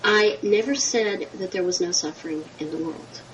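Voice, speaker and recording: A woman explains her view slowly and deliberately, in a measured tone. She sits well back from the microphone. Steady noise runs through the clip, which has a mid-range voice. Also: mid-range voice, muffled recording. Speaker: video blogger in a clipped reply. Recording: distant, noisy clip.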